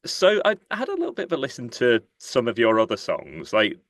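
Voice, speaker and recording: A man's voice: mid-range voice, wildly swooping pitch, brisk, no echo, clean studio sound. A man hosting an interview in an upbeat, chatty way, laughing often. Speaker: interviewer, host. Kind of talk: casual interview chat.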